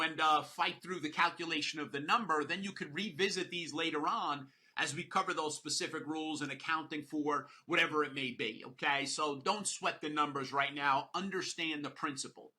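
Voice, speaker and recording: A man gives a recorded exam prep lecture in a sharp, forceful voice with a slight husky edge, pitched a little above the usual for a man. He drives points home by repeating rules and lightens things with playful jokes. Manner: playful, joking asides between explanations; emphatic, repeats key rules.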